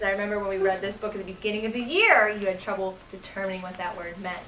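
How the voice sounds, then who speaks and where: A woman, a kindergarten teacher, reading a picture book aloud to children in an animated, sing-song way in a classroom. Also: medium pitch, brisk, hardly any pauses, a little hiss or hum. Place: elementary school classroom. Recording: echoey classroom from far off, children around.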